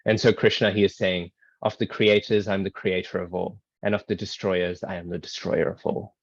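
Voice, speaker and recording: A man's voice: deep voice, little pitch movement, normal speed, no echo, dull audio. A man explaining a scripture verse in a casual online class, with many ums and rhetorical "right?" checks. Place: online video call.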